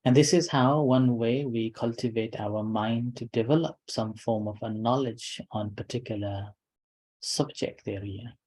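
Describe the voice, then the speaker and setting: A male meditation teacher giving a calm dharma talk. His voice is soft and mellow, and he speaks slowly, in short phrases broken by pauses. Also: medium pitch, poor audio.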